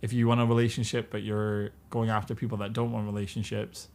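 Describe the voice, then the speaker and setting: British dude late 20s, chatty podcast guest, laughs a lot, lots of "like". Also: male voice, fairly low pitch, little pitch movement, quick pace, vocal fry, a little mellow. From Britain. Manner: candid, laughing, full of fillers. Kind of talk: casual chat.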